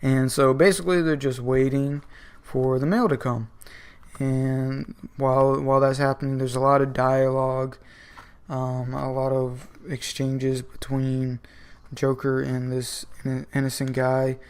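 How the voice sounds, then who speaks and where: Man, mid pitch, casual comics reviewer, rambles with lots of "um" and "like". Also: flat delivery, a little slow, smooth. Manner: rambling, filler-heavy. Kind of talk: casual video commentary.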